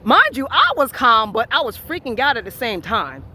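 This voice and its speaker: A man with a fairly high voice tells a personal story of faith with strong feeling. He acts out each quote and swings between hushed and loud delivery. He is recording outdoors, with heavy wind noise behind him. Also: wildly swooping pitch, moderate pace, low-quality recording. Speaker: vlogger sharing a personal faith testimony.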